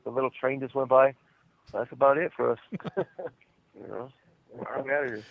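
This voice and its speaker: A man's voice: mid-range voice, moderate pace, vocal fry, no room sound. A man chatting casually and joking on a call from prison, laughing often and using lots of fillers. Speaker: podcast co-host calling from prison. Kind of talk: casual chat on a phone call. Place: prison day room phone. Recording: dull lo-fi phone line.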